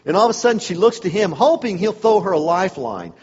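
A man's voice: sits high, fast, husky. A man giving a humorous talk to a men's church group, telling stories with sarcastic asides. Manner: storytelling, animated, sarcastic asides. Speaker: speaker at a men's church event. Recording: dull sound, long hall reverb.

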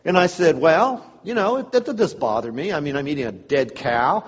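A man's voice: on the high side, fairly quick, husky. A man giving a humorous talk to a men's church group, telling stories with sarcastic asides. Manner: storytelling, animated, sarcastic asides. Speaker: speaker at a men's church event. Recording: dull sound, long hall reverb.

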